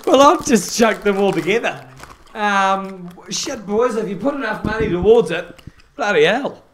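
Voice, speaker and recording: Man, amateur rugby league commentator, casual, rambling, fillers, slightly high voice, faint clicks behind. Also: expressive, a little slow, a bit bright, a little hiss or hum. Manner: rambling, mock-formal, many fillers.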